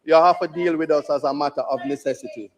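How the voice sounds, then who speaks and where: A Jamaican man, an opposition member of parliament, making a forceful, rhetorical speech in the chamber and repeating lines for emphasis. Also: a little high, fast talker.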